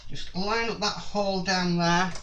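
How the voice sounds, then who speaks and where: Slow-talking man building a model. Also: high voice, fairly even intonation, dull audio, background noise. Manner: slow, apologetic, mutters while working. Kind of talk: hands-on build tutorial.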